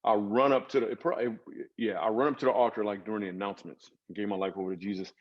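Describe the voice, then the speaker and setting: A man, a comedian guest in an interview, telling stories in a lively comic way with acted asides. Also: lowish voice, rapid-fire, muffled recording. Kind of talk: storytelling interview talk.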